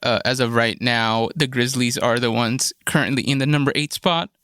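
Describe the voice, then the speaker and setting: A man co-hosting a sports podcast, talking in a relaxed way with many fillers. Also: medium pitch, normal speed, clean tone, no echo, clean studio sound. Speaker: podcast co-host. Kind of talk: casual sports chat.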